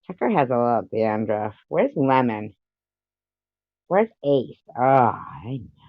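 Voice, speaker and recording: This livestream host speaks slowly in a mid-range voice, very animated, rambling to his viewers in casual chat and swearing at his pets as he switches topics. The recording is dry and sounds like it came through a phone.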